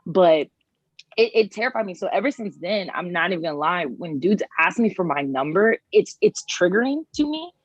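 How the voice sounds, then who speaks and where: A young woman on a chat panel, telling a personal story in an animated way with many "like" fillers. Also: fairly low pitch, normal speed, husky, no room sound. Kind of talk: casual chat. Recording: slightly dull, dry sound.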